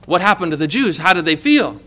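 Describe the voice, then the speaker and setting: A man's voice: high voice, big pitch swings, brisk, pushed and bright. A man preaching a sermon in a conversational way, often asking his listeners questions and pressing on key words. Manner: conversational, asks the congregation questions.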